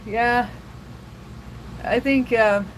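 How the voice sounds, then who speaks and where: A woman's voice: fairly high pitch, fairly even intonation, extremely slow, slight background noise, rough recording. Giggly woman chatting on a livestream. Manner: giggly, laughs often, chatty and loose. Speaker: livestream host. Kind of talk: casual livestream chat with viewers.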